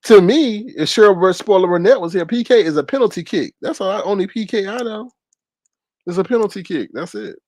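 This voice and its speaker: A man hosting a casual live-stream commentary, animated and laughing, with exaggerated high-pitched repeats of words. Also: brisk, no echo. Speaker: commentary channel host.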